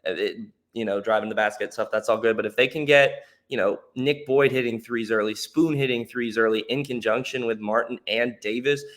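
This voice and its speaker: A man's voice: medium pitch, moderate pace, fairly bright tone. A man co-hosting a sports podcast, giving his views in a casual way that thinks aloud with fillers. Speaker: podcast co-host.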